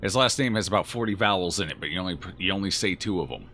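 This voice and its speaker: A man's voice: low-pitched, animated, very fast, pushed and bright, slight background noise. A man streaming a game, chatting casually and jokingly as he reacts aloud to his chat. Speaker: gaming streamer. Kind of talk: casual let's-play commentary answering chat.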